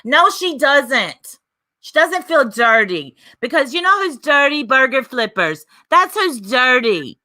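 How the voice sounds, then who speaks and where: Sassy woman co-host, sharp bright tone, fairly high voice. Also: very animated, slow. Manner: sassy, mocking, teasing. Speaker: livestream co-host. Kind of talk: casual livestream chat.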